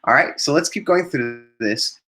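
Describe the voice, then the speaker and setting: Bright-voiced encouraging Spanish teacher man. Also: a little high, expressive, normal speed. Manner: encouraging, repeats words and praises students. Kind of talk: live online class teaching.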